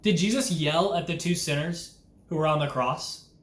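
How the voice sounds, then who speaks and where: A man's voice: a little high, moderate pace, a bit bright. Urgent young man preaching in an echoey room. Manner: earnest and urgent, with rhetorical questions. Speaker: Christian vlogger. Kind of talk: impassioned preaching monologue.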